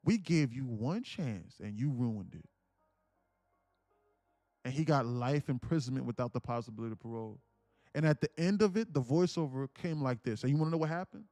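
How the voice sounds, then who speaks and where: A man's voice: mid-range voice, lively intonation, brisk, mellow, dry recording, soft background music. Earnest young man, close dry mic. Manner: earnest, preachy, repeats himself, swears casually. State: emotional, near tears. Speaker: day trading streamer. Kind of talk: emotional storytelling to a live stream.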